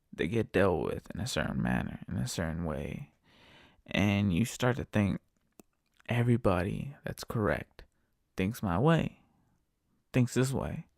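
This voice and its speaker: Solo on his podcast, a US host delivers an animated, swear-filled monologue, repeating himself as he loops back through his points. His voice is lowish and gravelly, recorded with studio quality and no echo.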